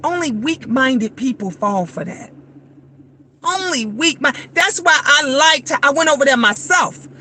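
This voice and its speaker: Over slight background noise, a high-pitched woman talks at a measured pace. She is a vlogger in her fifties, casually and frankly chatting to viewers after work, animatedly acting out quoted voices.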